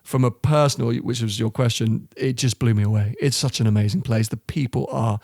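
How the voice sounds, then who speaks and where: A young man, a podcast guest telling travel stories in an animated, laughing way. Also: medium pitch, fairly quick, dry recording, clean studio sound. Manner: animated storyteller, laughs often. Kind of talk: casual chat.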